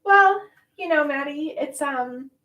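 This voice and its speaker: A woman hosting a casual livestream, chatting warmly with viewers and reading their comments, often laughing and sometimes emotional. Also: high-pitched, slow, muffled recording. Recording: roomy echo, mic at a distance.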